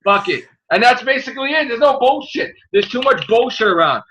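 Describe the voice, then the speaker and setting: A man's voice: very high voice, expressive, brisk, bright, forceful tone, a little hiss or hum. A man hosting a podcast, ranting in a profane, combative and repetitive way while getting over an illness. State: recovering from illness. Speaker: podcast host. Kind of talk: casual podcast rant. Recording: muffled lo-fi podcast audio.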